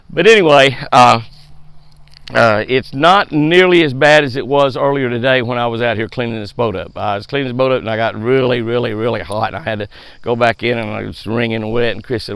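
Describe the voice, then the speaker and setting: A man's voice: medium pitch, a little fast, vocal fry, fairly bright tone, dry recording. A man, a fishing show host chatting casually and upbeat to viewers, repeating words as he goes. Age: 70s.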